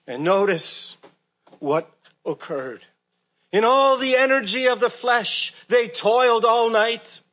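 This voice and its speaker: A man preaching a sermon, earnest and asking rhetorical questions, often dropping soft and low at key words. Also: a little slow, hardly any pauses.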